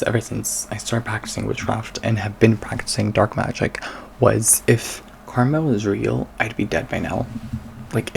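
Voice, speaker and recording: A young man speaks in a soft, hushed voice at an ordinary pitch, his tone crackling with fry. He is sassy and irreverent, swearing freely as he chats casually to his viewers. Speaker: witchcraft content creator. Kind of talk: casual chat.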